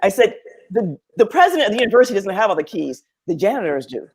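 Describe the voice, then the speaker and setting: Animated woman prof chatting on a video call, pitch all over the place, lots of laughs. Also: fast talker, slight background noise. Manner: animated, acts out voices, laughs often. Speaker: professor. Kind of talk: casual panel chat.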